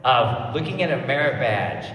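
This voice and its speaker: Animated sixty-something policeman in a hall. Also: mid-range voice, moderate pace. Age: 60s. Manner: lively storytelling with acted voices. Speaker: police officer. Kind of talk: talk to a scout group. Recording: echoey hall from far off.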